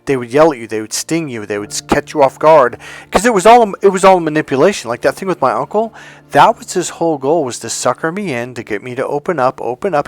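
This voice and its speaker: A man's voice: on the high side, lively intonation, fast talker. A man giving an intense, blunt and profane motivational talk as a relationship coach. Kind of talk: motivational vlog monologue.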